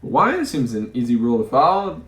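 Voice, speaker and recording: A man's voice: medium pitch, very animated, fairly quick, fairly bright tone, echoey room. A man playing a story game, reading its text aloud and musing over his choices, often stumbling over words. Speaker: let's play host.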